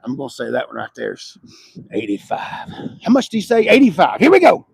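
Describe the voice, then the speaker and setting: A man doing a casual car walkaround on a dealership lot, loud and excitable, swinging between low murmurs and sudden shouts. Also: a little fast, gravelly, slightly rough.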